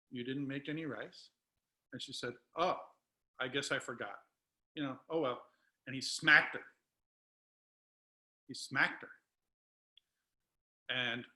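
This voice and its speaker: Bright-voiced man telling a story. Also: mid-range voice, poor audio. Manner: emotional, tearful at times. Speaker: guest speaker. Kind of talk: storytelling talk on a video call.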